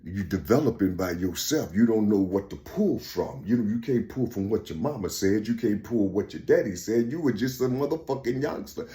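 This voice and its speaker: Man, rambling monologue, repeats himself, curses a lot, jumps from loud to hushed and back. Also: on the low side, expressive, normal speed, few pauses. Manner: repetitive, keeps saying "you see"; profane, swings between loud and quiet.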